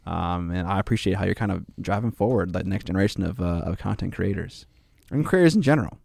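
A man's voice: sits low, animated, fast talker, vocal fry, darkish tone, dry recording, studio quality. Rambling, jokey podcast co-host man. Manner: rambling, filler-heavy, jokey. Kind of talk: casual chat.

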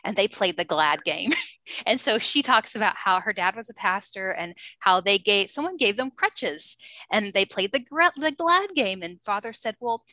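A woman telling a personal story in a casual interview, chatty and animated, often laughing. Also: mid-range voice, normal speed, no echo. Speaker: interview guest.

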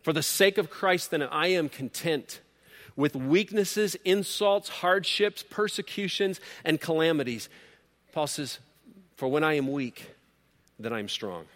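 A man preaching a sermon, earnest and emphatic, rising to loud peaks and then dropping low. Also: expressive, measured pace. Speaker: pastor. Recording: long hall reverb.

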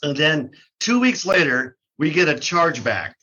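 Older man, high bright animated storyteller. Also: normal speed, husky. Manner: animated, laughing, swearing, with many restarts. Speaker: guest, drum shop co-owner. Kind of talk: casual storytelling. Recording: dull lo-fi audio.

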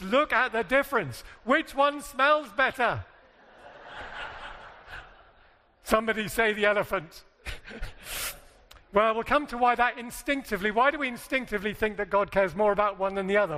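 A man's voice: high-pitched, expressive, normal speed, fairly bright tone. A British man speaking at a conference seminar, chatty and jokey, asking the audience questions. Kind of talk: conference talk to a live audience. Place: large hall with a live audience. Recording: long hall reverb.

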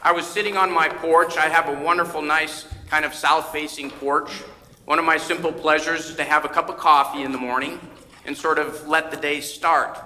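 Bright-voiced male pastor in an echoey hall. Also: a little high, fairly even intonation, normal speed, a little hiss or hum. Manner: conversational storytelling, acting out quoted voices. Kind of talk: sermon. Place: church sanctuary. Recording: echoey church hall with faint ambience.

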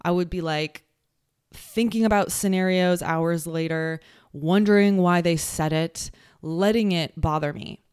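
A woman talks through a casual solo podcast episode in a slightly low voice. She is blunt and swears freely, and she slips into mocking sing-song impressions. The recording is dry and close, with no room sound. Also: unhurried, a little mellow, smooth, no echo. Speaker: podcast host.

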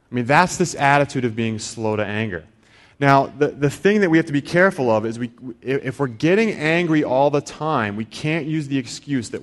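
A middle-aged man giving a sermon in a relaxed, conversational way. He often restarts with repeated words and briefly acts out other people's inner voices. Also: mid-range voice, moderate pace. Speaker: preacher.

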